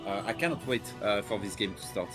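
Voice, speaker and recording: A man casting a live esports match, speaking with frequent filler hesitations and animated bursts. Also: on the low side, a little fast, over music. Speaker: esports caster. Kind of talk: live game commentary.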